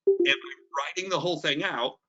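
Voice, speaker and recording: A man's voice: on the high side, brisk, pushed and bright. A middle-aged man giving a conversational, emphatic business presentation on a video call, repeating his key points. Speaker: network marketing presenter. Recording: dull lo-fi video call audio.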